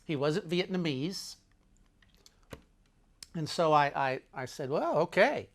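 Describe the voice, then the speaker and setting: A man's voice: fairly high pitch, takes it slowly, fairly bright tone. A man telling a travel story casually, wandering off into asides and restarting his sentences. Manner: meandering, full of restarts and asides.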